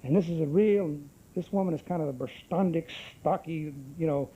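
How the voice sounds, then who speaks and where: At a recovery group meeting, a middle-aged man gives a brash personal testimony full of wisecracks, telling his story like a salty storyteller. His voice is a little high with a dark, slightly rough tone, at a moderate pace, and the recording sounds lo-fi.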